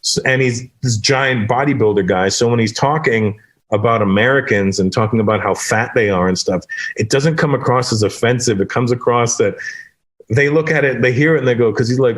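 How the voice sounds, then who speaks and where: A man's voice: medium pitch, expressive, moderate pace. A man, a stand-up comedian and the guest, telling stories casually and animatedly and jumping into quoted voices. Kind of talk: casual storytelling in conversation.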